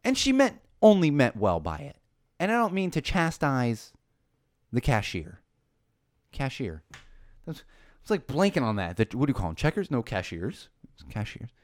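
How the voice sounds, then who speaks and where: A man in his thirties hosting a casual chat show, telling stories in a lively way and building to a passionate point. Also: mid-range voice, normal speed, long pauses, dry recording, clean studio sound. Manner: animated storytelling, rising to passionate emphasis. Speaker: podcast host.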